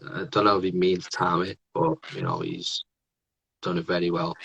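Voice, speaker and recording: A man's voice: low-pitched, big pitch swings, normal speed, gravelly, fairly bright tone, slightly rough, low-quality recording. A man in his thirties hosting a casual podcast interview, chatty and laughing often. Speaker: podcast host.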